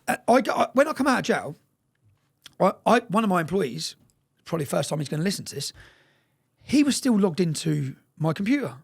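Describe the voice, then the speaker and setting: Man, interview guest, gravelly, fast, emphatic, swears a lot. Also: sits high. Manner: emphatic and profane, keeps checking in with "yeah?". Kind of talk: candid storytelling in an interview.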